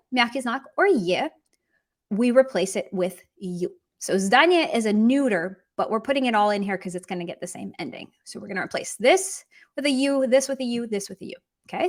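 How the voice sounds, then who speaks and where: A woman teaching an online grammar lesson in a chatty, encouraging way, drilling example words aloud slowly. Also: medium pitch. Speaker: language teacher.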